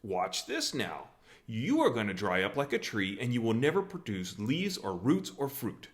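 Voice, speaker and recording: A man voicing the boy Jesus as a furious child shouting curses at another kid. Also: medium pitch, wildly swooping pitch, normal speed.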